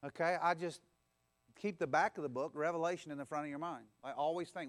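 High-pitched guy preaching in church, repeats lines and gets the crowd to say them back. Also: fast talker, a bit bright. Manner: exhorting, repeats phrases and leads call-and-response. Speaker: pastor. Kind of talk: sermon.

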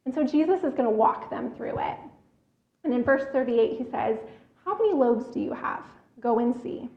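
Woman preacher, high and gravelly voice, earnest teaching sermon; echoey, slightly dull recording. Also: expressive, normal speed. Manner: earnest teaching, repeats words as she thinks.

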